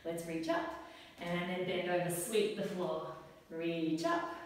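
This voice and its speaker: Slow, gentle woman guiding kids' yoga. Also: on the low side, sing-song, a little hiss or hum. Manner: gentle, encouraging step-by-step cues. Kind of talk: guided yoga class for children. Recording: echoey hall, voice from far off.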